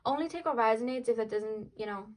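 A young woman chats her way through a tarot reading, rambling and filling gaps with "like" and "um". Her voice sits a little high for a woman. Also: quick pace, low-quality recording. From Wales. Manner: chatty, rambling, frequent "like" and "um" fillers, laughs easily. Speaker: tarot reader. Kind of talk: casual tarot reading to camera.

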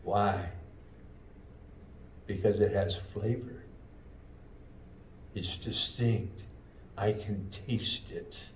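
A man preaching a sermon as pastor, with slow, emphatic delivery and drawn-out phrases. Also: on the low side, steady tone, slight background noise. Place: church sanctuary. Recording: echoey church room, mic at a distance.

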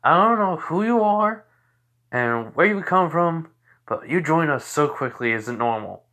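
A man's voice: medium pitch, normal speed, fairly bright tone, natural voice. A man doing a suspicious young woman.

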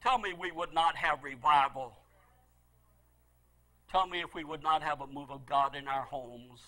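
A middle-aged male pastor preaching a sermon, telling a story with great feeling and swinging from loud pleading to hushed, low asides. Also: unhurried, poor audio.

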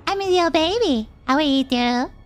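A woman doing a tiny, cutesy baby voice that squeaks up very high. It is a small, babyish sound, sweet and silly. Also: expressive, a little fast, soft background music.

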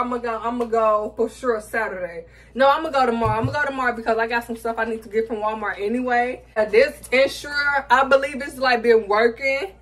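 A woman's voice: a little high, fairly bright tone. A woman talking casually to her viewers from home in a bathroom, chatty and direct, often calling them y'all and honey. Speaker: vlogger. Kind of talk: casual chat to camera.

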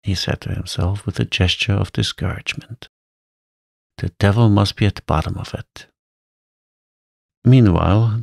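A man reading a classic story aloud in a calm, soothing bedtime voice. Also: low-pitched, no echo, studio quality. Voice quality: soft, soothing, gravelly.

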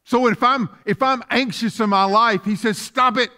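A man's voice: very high voice, normal speed, pushed and bright. A man preaching a sermon as pastor, asking fervent rhetorical questions.

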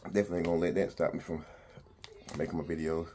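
A man's voice: deep voice, level tone, fast, mellow, a little hiss or hum. A man hosting a casual eating vlog, laid-back and slangy, talking between bites. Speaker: mukbang vlogger.

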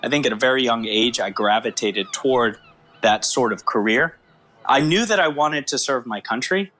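A man, a former FBI agent, recounting his experience in animated storytelling, acting out the dialogue. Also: mid-range voice, normal speed. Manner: acts out quoted dialogue with lively shifts.

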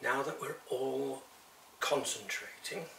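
A man reading a children's story aloud in a lively, expressive way, talking to a few listeners by name. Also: mid-range voice, takes it slowly, vocal fry, a little hiss or hum.

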